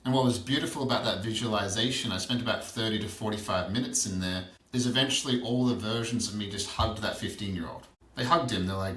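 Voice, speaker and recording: A low-voiced man in his thirties speaks candidly as a podcast guest, sharing stories and pressing questions again and again. He sits back from the mic, and the room rings around him. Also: a little fast, fairly bright tone. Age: 30s. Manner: reflective, storytelling, repeats questions for emphasis. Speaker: transformational coach, guest. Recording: roomy, distant from the mic.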